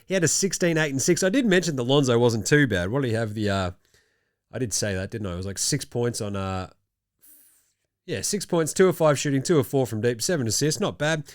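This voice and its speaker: A man's voice: mid-range voice, expressive, brisk, no room sound, clean studio sound. A young Australian man hosting a casual basketball show, joking as he rattles off stats. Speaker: host. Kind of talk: casual chat.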